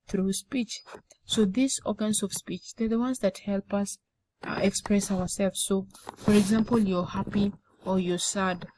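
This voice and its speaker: A woman's voice: mid-range voice, warm tone, low-quality recording. Woman teacher, young adult, lecture style, repeats words, says okay often. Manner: repetitive, frequent "okay?" check-ins. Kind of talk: explanatory classroom lecture.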